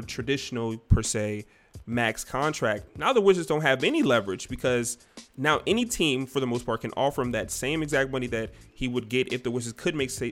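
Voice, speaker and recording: A man's voice: mid-range voice, fairly bright tone. Guy hosting a hoops podcast, rambly, lots of ums, faint music behind. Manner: loose and rambling, many fillers. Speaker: podcast host. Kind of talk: casual sports chat.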